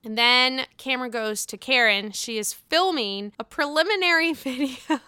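A young woman dishes on a reality show in a casual, sassy recap, swearing freely and throwing shade. Her voice is bright and crisp. It is recorded dry and close, with no room sound. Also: high-pitched, dry recording. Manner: sassy, profane, mimics cast members in quick put-on voices.

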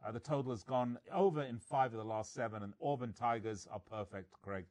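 A man's voice: mid-range voice, darkish tone. Joking man reading betting stats. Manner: joking, reads stats quickly. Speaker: sports betting podcast host. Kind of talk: casual sports betting chat.

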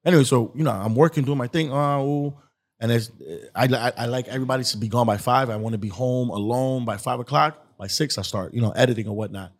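A man's voice: mid-range voice, fast. Guy on a podcast rambling thru a story, acting out what people said. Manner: rambling, animated, acts out quotes. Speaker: guest, skit creator. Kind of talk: casual storytelling.

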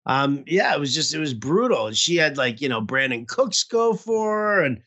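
Podcast co-host, male, bright and high-ish, rambling profane storyteller, nursing a toothache. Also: big pitch swings, moderate pace. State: toothache pain. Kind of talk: casual fantasy football chat.

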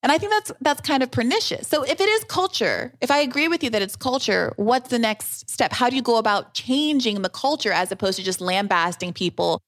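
A woman's voice: on the high side, lively intonation, brisk, hardly any pauses, fairly bright tone. A woman appearing as an interview guest, making her argument thoughtfully, hedging at first and then pressing her point. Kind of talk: conversational interview.

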